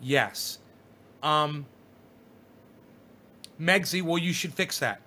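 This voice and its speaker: A man's voice: a little high, drawn-out words, bright, forceful tone. A middle-aged man hosting a casual livestream, reading viewer comments aloud and lecturing them in a rambling, profane way. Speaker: live streamer reading chat.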